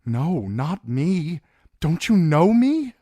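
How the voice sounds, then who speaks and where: A man's voice: low-pitched, steady tone, measured pace, darkish tone, no echo. A man reading a frightened young queen. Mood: pleading.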